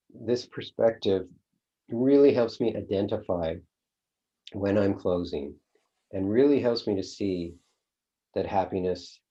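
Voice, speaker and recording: Teaching a course informally, this middle-aged man scatters fillers throughout and keeps asking a rhetorical "right?". His voice is fairly low and warm, heard through dull lo-fi sound.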